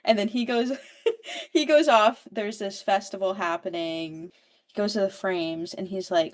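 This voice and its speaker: A woman's voice: medium pitch, measured pace. A woman recaps a novel in a loose, chatty way, full of "like" and casual swearing. Her voice sits in a plain mid range. She keeps it informal and conversational, as if talking to friends on a podcast. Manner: chatty, swears freely, constant "like". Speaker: book podcast host or guest.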